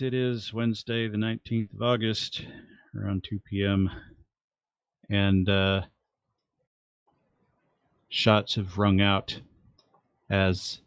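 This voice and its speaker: A man's voice: on the low side, clear, resonant tone, no echo. A man narrating a tabletop game as game master, in a rambling, hesitant way with fillers, recorded at home on a desk mic over voice chat.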